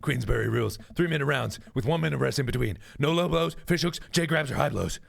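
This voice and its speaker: A man voicing a blunt, tough-talking adult male film buff from a dating game, in a low, clipped, gruff manner. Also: animated, fast. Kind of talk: game dialogue read aloud.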